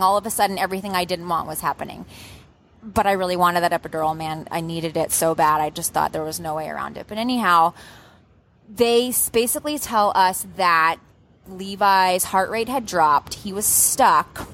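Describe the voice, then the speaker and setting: A young adult woman telling her birth story in a casual, lively way, acting out what she said back then. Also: fairly low pitch, normal speed, slight background noise. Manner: lively storyteller who acts out her own past outbursts.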